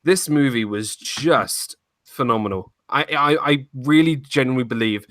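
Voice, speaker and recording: A man's voice: mid-range voice, normal speed, a bit bright, no echo, clean studio sound. An American man co-hosting a casual movie chat, talking with gushing enthusiasm. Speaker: podcast co-host.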